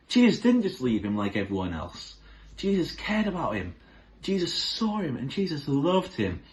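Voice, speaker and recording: A man's voice: medium pitch, a little mellow, low-quality recording. A man teaching a children's Bible lesson, enthusiastically asking the kids questions.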